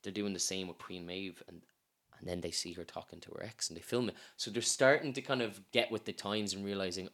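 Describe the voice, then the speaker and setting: A man from Ireland, chatting casually as a podcast co-host, animated and full of "you know". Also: low voice, brisk. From Ireland, Lebanese family. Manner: animated storyteller, acts out quoted voices, says "man" and "you know". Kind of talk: casual chat.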